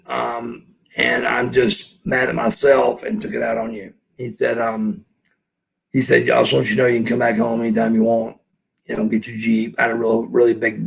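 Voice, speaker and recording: Male podcast guest, gravelly, blunt and profane, acts out quoted dialogue. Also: medium pitch, a bit bright. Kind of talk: casual storytelling.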